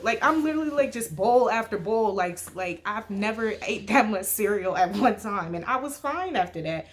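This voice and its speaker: A woman's voice: a little high, brisk, hardly any pauses, a little hiss or hum. Slangy young woman telling a story. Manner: slangy, animated, heavy use of "like". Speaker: storytime vlogger. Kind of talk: casual storytelling.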